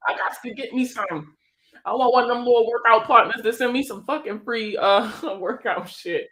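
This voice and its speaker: Bright-toned, laughing, chatty Maryland woman. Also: on the high side, a little fast, low-quality recording. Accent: Prince George's County, Maryland. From Maryland, USA. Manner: laughs a lot, chatty and joking. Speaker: host of a credit advice livestream. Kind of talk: casual livestream chat.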